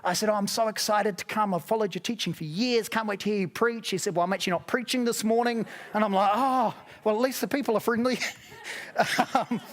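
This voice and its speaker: New Zealand male pastor, high light voice, chatty sermon storyteller with self-mocking humor. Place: church auditorium.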